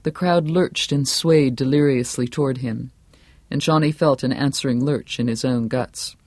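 A man reading a novel aloud in steady, scripted narration, dropping to a quieter voice for the hero's thoughts. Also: mid-range voice, moderate pace, dry recording. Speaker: audiobook narrator.

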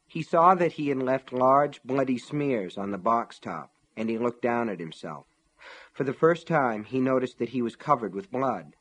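A man reads an audiobook in a measured, steady voice. His tone is husky and sits at a middle pitch. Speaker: audiobook narrator. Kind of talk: scripted audiobook narration.

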